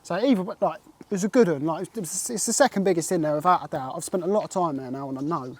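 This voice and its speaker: Excitable high-voiced angler. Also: male voice, quick pace. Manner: excitable, rambling, lots of "like" and "mate". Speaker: carp angler recounting a catch. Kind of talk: casual storytelling interview.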